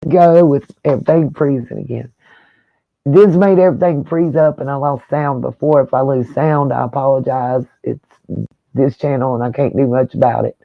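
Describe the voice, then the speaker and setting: A man's voice: medium pitch, fairly even intonation, moderate pace, creaky, dry recording, phone-quality sound. A man hosting a casual livestream, talking straight to his viewers in an emotional, rambling way. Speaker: livestream host.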